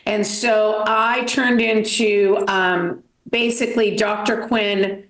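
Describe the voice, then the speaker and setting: Bostonlu, kendini tiye alan kadın komedyen. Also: female voice, medium pitch, fairly even intonation, takes it slowly, fairly bright tone, roomy sound. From Massachusetts. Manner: self-deprecating, dramatic storytelling with many fillers. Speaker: stand-up comedian. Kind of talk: stand-up comedy set. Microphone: video call.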